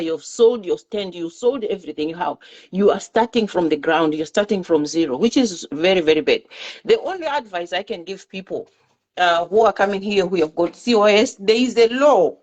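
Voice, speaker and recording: A woman's voice: mid-range voice, animated, normal speed. Casual co-host, woman with a mid-range voice, earnest and advising, muffled recording. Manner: earnest, advising, repeats words. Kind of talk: casual discussion show. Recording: muffled lo-fi audio.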